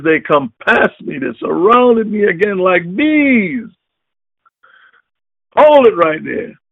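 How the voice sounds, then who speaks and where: Fiery older male preacher, tinny sound. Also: no echo. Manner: booming, emphatic, call-and-response. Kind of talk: fiery sermon.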